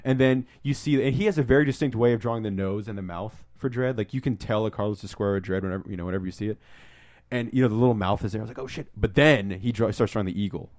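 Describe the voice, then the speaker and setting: A young man co-hosting a podcast, telling stories in a casual, excitable way, swearing often and acting out what people said. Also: fairly low pitch, racing, no echo, clean studio sound. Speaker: podcast co-host. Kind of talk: casual storytelling chat.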